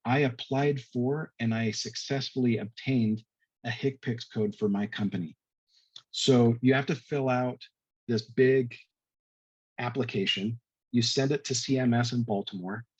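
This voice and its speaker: A man's voice: medium pitch, darkish tone, breathy edge, dry recording, highs cut off. A man on a virtual industry panel, explaining billing codes step by step in a conversational way over a video call. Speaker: medtech reimbursement panelist.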